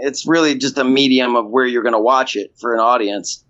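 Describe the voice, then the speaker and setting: A man's voice: mid-range voice, fairly even intonation, moderate pace, fairly bright tone. A man talking casually as an interview guest, rambling with many restarts and repeated fillers. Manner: rambling, restarts, frequent "you know". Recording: dull lo-fi sound.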